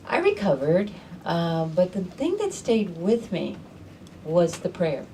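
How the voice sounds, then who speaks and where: A middle-aged woman telling a personal story to a live audience in an animated, conversational way, acting out other people's voices. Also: on the low side, slow, recorded from a distance, slight background noise. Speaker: storyteller host.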